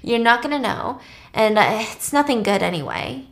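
A fearful, secretive recluse, as a woman retelling the story puts her on, slightly high and hesitant. She speaks uneasily and sounds unsure. The reading stays casual and light. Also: sing-song, normal speed, a bit bright. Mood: uneasy.

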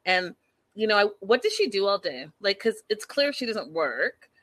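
A woman's voice: medium pitch, big pitch swings, normal speed, a bit bright, breathy edge, no echo. A woman recapping reality TV in a casual, gossipy chat, talking straight to her viewers and laughing often.

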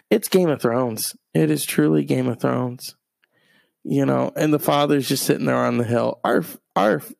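Gravelly young guy rambling thru funny stories, wry asides, dry close sound. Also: fairly high pitch, a little mellow, no room sound. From half Mexican. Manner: meandering, self-interrupting, wry asides. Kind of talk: rambling comic storytelling.

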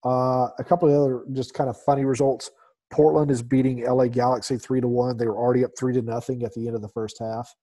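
A man's voice: mid-range voice, flat delivery, fast, dark tone. A man hosting a casual soccer podcast, reading through the night's results with lots of ums and a dry, sarcastic edge. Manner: reads scores with many fillers, dry sarcasm. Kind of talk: casual sports talk.

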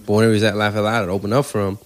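A man, a stand-up comedian telling stories on a podcast in a casual, animated way, swearing freely. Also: lowish voice, very fast. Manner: animated storyteller, swears freely, acts out quoted voices.

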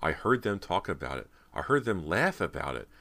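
Deep-voiced guy doing scared teen girl, frantic, pleading, pitched up. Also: quick pace, a bit bright. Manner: pleading, frantic, voice pushed higher. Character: terrified pleading teenage girl.

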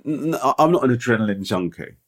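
Animated rambling man telling a story. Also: mid-range voice, fast. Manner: animated, rambling with restarts and fillers. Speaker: podcast co-host. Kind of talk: casual storytelling chat.

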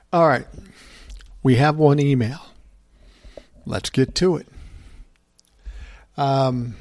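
A man's voice: mid-range voice, warm tone, no room sound, clean studio sound. An older man hosting a podcast, giving solo political commentary in a heated, profane rant. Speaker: podcast host.

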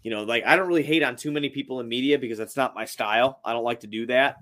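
A man's voice: mid-range voice, very fast, a bit bright. A man co-hosting a casual sports podcast, talking in a heated, profane, jokey way. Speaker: podcast co-host.

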